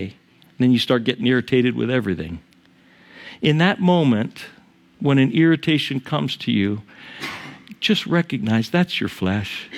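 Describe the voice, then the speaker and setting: Preaching in a chatty style, this male pastor poses questions to his congregation and throws in jokes, his voice rising on the main points and falling for side remarks. There's a creaky quality to it.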